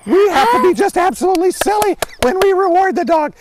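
Middle-aged male dog handler with a high-pitched voice; goofy animated praise for his dog, relaxed explanations for kids. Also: brisk, background noise. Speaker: search and rescue dog handler. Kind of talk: demonstration for children.

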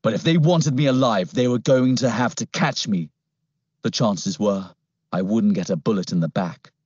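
A man narrating an adventure audiobook in first person with a steady storytelling manner. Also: on the low side, moderate pace, breathy edge, no echo. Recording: dull lo-fi, dry recording.

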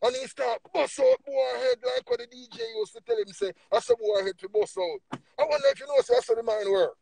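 Preachy Jamaican man, high gravelly voice. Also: wildly swooping pitch, fast talker, dry recording. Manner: emphatic, preachy, swings between low murmurs and loud bursts. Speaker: livestream speaker. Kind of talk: preaching on a livestream chat.

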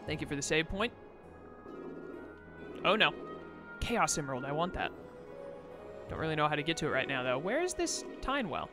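A man's voice: fairly high pitch, sing-song, normal speed, pauses often, music in the background. A young man casually commenting on a video game as he plays, often exasperated and talking back to the game. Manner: exasperated, chatty, talks to the game. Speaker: let's play host.

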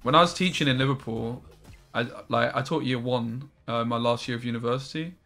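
Young male streamer, bright voice, chatty and profane, casual play-by-play. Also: medium pitch, fairly quick, faint music behind. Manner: chatty, swears, chats with viewers. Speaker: card game streamer. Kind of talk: casual gameplay commentary.

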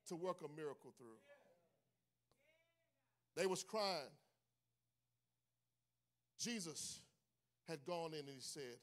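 A male pastor preaching a sermon in a church, swinging from hushed asides to sung, shouted calls to the congregation. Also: fairly high pitch, expressive, takes it slowly, long pauses. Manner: preaching with call-and-response, rising into sung shouts. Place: church sanctuary.

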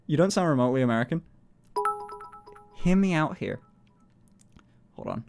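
A British man in a casual live-stream chat, talking in an animated way, swearing a lot and laughing often. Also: a little high, normal speed, creaky, faint music behind.

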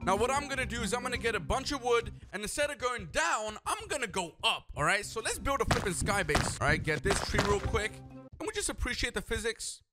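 Young male gaming YouTuber, high-pitched, excitable let's-play commentary, loud backing music. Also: brisk. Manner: hyped, excitable, shouts when surprised.

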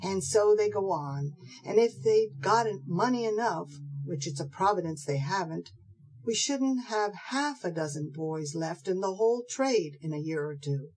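A woman voicing a gruff, surly male housebreaker who talks bluntly in rough slang, in a storybook reading. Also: sits low, expressive, moderate pace, darkish tone, low-quality recording.

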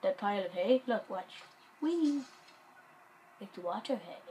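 A woman giving casual gameplay commentary, excitable and jokey, muttering and whispering to herself. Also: mid-range voice, normal speed, slight background noise, poor audio.

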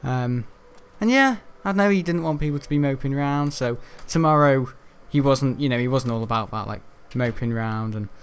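A gaming YouTuber, a young adult man, delivers rambling, talkative commentary on a video game at normal speed, slipping in mild swears frequently. His mid-range voice flows smoothly with hardly any pauses.

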